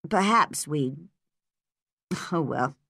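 A woman's voice: low voice, animated, very slow, gravelly, fairly bright tone, no echo, clean studio sound, exaggerated voice. A woman reading a storybook, voicing a tired, worried older farm woman in a subdued way. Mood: reflective.

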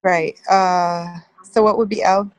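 A woman student reading aloud hesitantly in a lesson, apologetic and full of pauses. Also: on the low side, fairly even intonation, dry recording, lo-fi sound.

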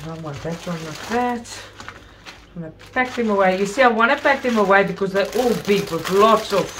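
A woman host chatting to viewers in an unboxing video, gushing with praise, still recovering from an illness with coughs and throat-clearing. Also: fairly low pitch, background noise. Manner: gushing, effusive about everything. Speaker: craft channel host. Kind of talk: casual unboxing chat to viewers.

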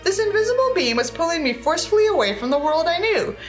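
A woman's voice: extremely high pitch, very animated, quick pace, soft background music, low-quality recording. A woman reading a novel aloud as a book reviewer, breaking off for wry, sarcastic comments.

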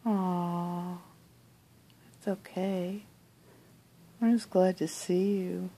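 A middle-aged woman murmurs in a slow, half-whispered coo. Her voice is gravelly and husky with a dark, mellow tone. She speaks to the room around her with tender affection. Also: on the low side, level tone. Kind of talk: soft-spoken recorded monologue. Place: bedroom at night.

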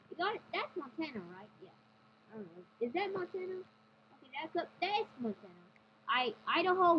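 A woman's voice: sits high, slight background noise. A woman giving an amateur weather report off a map, hesitant and stumbling over place names. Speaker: weather presenter. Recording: dull lo-fi recording.

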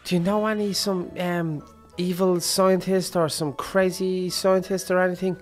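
Excitable, stammering male role-player. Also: high voice, measured pace, faint music behind. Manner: excitable, pleading, with stammered restarts. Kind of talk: improvised game role-play.

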